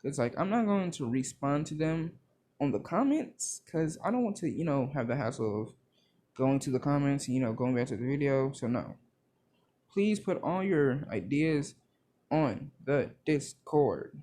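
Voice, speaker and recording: A man's voice: medium pitch, lively intonation, measured pace, warm tone. A young man casually narrating a made-up fan story, rambling and full of fillers. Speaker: video creator.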